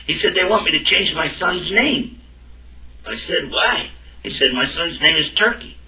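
Bright-voiced man telling a story, roomy sound. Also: on the high side, normal speed. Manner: animated, acts out both sides of the dialogue. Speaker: speaker telling a personal story. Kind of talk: anecdotal storytelling talk. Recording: roomy and distant from the mic.

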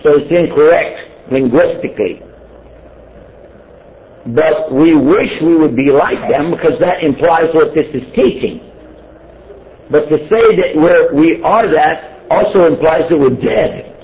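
A man's voice: on the high side, a little slow. A man giving an informal sermon, joking and putting questions to his listeners. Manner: conversational and joking, asks the audience questions. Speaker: Muslim preacher. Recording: tinny phone-like sound with faint noise.

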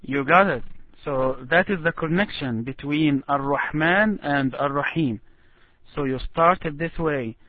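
A man teaching Quran recitation in an online lesson, patiently encouraging and modeling phrases slowly. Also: a little high, no room sound. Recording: tinny call audio, dry.

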